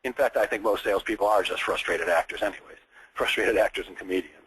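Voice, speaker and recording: A man coaching a salesperson in conversation, talking in an animated way and repeating his phrases. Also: deep voice, fast talker, slightly rough, low-quality recording.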